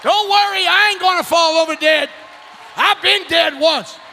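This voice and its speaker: A man preaching a fiery revival sermon, shouting and whooping in a folksy, rousing way. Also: extremely high pitch, moderate pace, creaky, some chatter behind, slight background noise. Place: church sanctuary.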